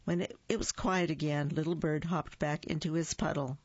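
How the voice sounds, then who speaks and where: A storyteller reading a picture book aloud, expressive and acting out the sound words. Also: mid-range voice, normal speed, hardly any pauses, dry recording. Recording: dull lo-fi dry recording.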